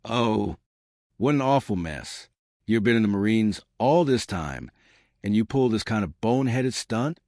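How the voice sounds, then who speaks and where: A short-fused Marine drill sergeant barks and scolds in a low, swooping voice, as a man reading the story puts him on. The sound is close and dry, with no room around it. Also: dry recording, close to an everyday voice. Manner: yelling, exasperated, blustering. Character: gruff shouting male drill sergeant.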